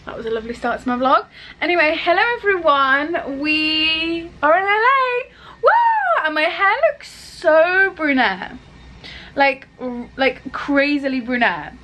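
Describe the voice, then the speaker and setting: A young woman chatting excitedly to camera in a casual travel vlog, swearing now and then. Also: sits high, measured pace, low-quality recording. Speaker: vlogger.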